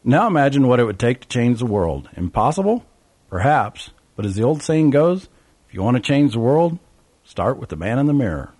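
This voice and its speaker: A man's voice: medium pitch, sing-song, normal speed, a little mellow, husky, no room sound. A man narrating a travel memoir in a wry, sardonic way.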